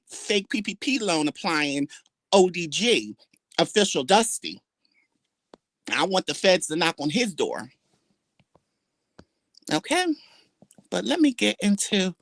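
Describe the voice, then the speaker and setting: A woman's voice: a bit bright, no echo, clean studio sound. Brash trash-talking woman livestreamer. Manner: brash, trash-talking, drawls and swings pitch for emphasis. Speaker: livestream host. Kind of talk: casual livestream commentary.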